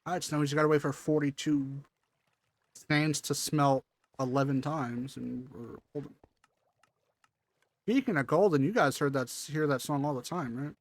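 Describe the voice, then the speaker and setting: A man's voice: on the high side, normal speed, pauses often. A man streaming a game live, chatting casually and talking to himself while he plays, with offhand jokes. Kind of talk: casual live gameplay commentary.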